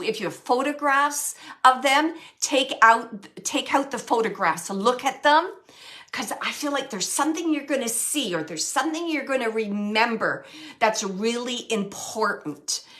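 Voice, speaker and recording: A woman working as a medium, giving a live reading to an audience member, animated and searching as she relays messages in quoted speech. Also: on the high side. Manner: searching, self-correcting phrasing.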